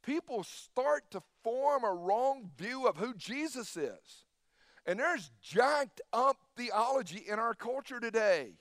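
A man preaching a sermon in an emphatic style, switching between loud bursts and quiet, hushed asides. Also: very high voice, expressive, takes it slowly, no room sound, studio quality. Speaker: pastor.

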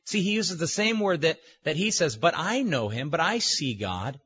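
A male pastor preaching in a slow, emphatic way, leaning on his words with deliberate pauses. His voice is husky and sits a little high for a man, and the recording sounds dull and lo-fi. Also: sing-song, fairly bright tone. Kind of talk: sermon.

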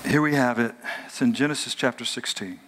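A man preaching a sermon as pastor, in an animated, humorous, conversational way. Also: medium pitch, a little fast.

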